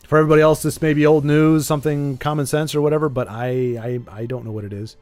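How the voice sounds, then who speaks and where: A man's voice: a little high, fairly even intonation, fast, few pauses, darkish tone, no room sound, faint music behind. A man streaming a card game live, chatting casually, rambling and joking about himself while answering his chat. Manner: rambling, playful, self-deprecating, answers chat.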